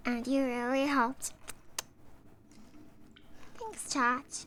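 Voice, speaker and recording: A playful woman streamer with a high voice, chatting through a game in a relaxed, unhurried way. She jokes with herself and her chat, with a faint hum of noise behind her. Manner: playful, jokey and self-amused. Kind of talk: casual gameplay commentary.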